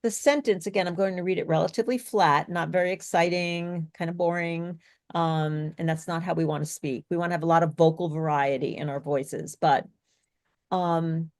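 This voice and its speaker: A woman's voice: on the low side, steady tone, normal speed, darkish tone, no room sound, clean studio sound. A woman speech coach leading an online workshop, chatty and friendly, with frequent ums. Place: online video session.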